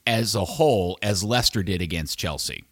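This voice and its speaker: A man's voice: deep voice, expressive, normal speed, no echo, clean studio sound. A man hosting a casual football podcast, leading the talk and setting up each result. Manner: leads the conversation, sets up topics and results. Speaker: podcast host.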